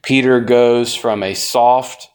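A man's voice: mid-range voice, fairly even intonation, slow pace, smooth. Folksy man teaching Bible class. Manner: folksy, asks the class rhetorical questions. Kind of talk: conversational Bible lesson.

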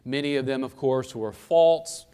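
A man giving an expository Bible teaching who asks questions and answers them himself, slowing down to stress key points and speeding through asides. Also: medium pitch, warm tone, smooth. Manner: explanatory, asks and answers his own questions. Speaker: pastor.

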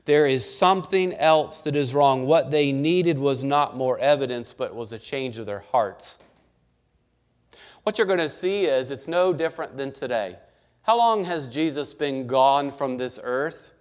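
A man's voice: mid-range voice, animated, a little slow. Emphatic male pastor preaching. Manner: emphatic, rhetorical questions, varied dynamics. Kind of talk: sermon.

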